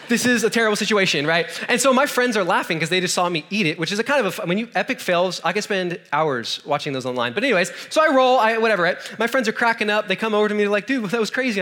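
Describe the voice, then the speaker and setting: Young man, preacher, high voice, bright tone, jokey, filler-heavy storytelling. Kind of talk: sermon storytelling. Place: room with an audience.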